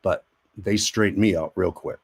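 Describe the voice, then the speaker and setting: Husky, low-voiced man telling stories. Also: fairly even intonation, normal speed. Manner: rambling, repeats words, acts out quoted voices. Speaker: guest, army veteran and actor. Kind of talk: casual storytelling interview.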